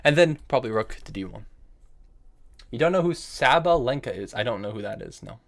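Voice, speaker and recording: Playing chess live, a young man narrates his moves at a brisk pace with lively intonation, repeating phrases while he considers options and stopping to reply to viewers. A desk microphone captures his middle-pitched voice.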